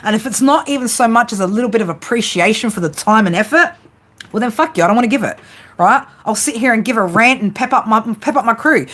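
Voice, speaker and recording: A woman's voice: a little high, animated, fast talker, fairly bright tone. A woman, ranting bluntly and swearing heavily as a tarot livestream host. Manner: blunt, heavy swearing, heated and defiant. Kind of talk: live-stream rant to viewers.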